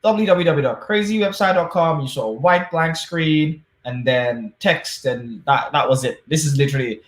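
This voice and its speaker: A man's voice: a little high, moderate pace, roomy sound. A man giving a casual, jokey tech talk over a video call. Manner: chatty, jokey, upbeat. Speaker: conference speaker.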